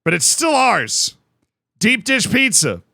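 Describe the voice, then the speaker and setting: A man's voice: high voice, wildly swooping pitch, slow pace, creaky, bright, forceful tone, no room sound, studio quality. A young man from the United States chatting casually on a live stream, rambling and self-mocking as he thanks viewers by name.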